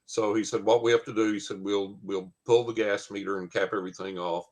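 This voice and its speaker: A man tells a long anecdote in a fairly low voice. He rambles along with many "uh"s and acts out what other people said. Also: steady tone, a little fast. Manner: rambling anecdote with many fillers and quoted dialogue. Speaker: guest storyteller. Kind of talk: casual storytelling.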